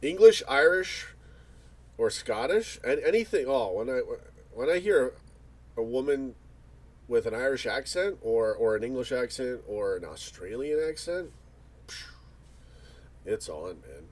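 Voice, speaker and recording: A man's voice: mid-range voice, very animated, unhurried, pauses often, a little mellow. A man hosting a casual livestream, reading viewer comments and chatting in rambling, joking banter with frequent restarts. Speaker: livestream host.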